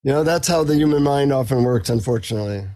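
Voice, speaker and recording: A middle-aged man, a psychotherapist and author, chatting as a podcast guest and telling anecdotes in a relaxed, self-deprecating way. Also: medium pitch, fast. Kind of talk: casual interview storytelling.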